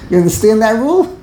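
A woman's voice: a little high, mellow, a little hiss or hum. A woman teaching a Torah grammar class, emphatic and repeating words while she corrects pronunciation. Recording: echoey room.

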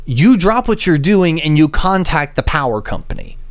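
A man's voice: on the high side, moderate pace, clean tone. A man hosting a podcast, telling a story in casual chat and acting out the voices of the people in it. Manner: animated, acts out the other voices in his stories. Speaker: podcast host.

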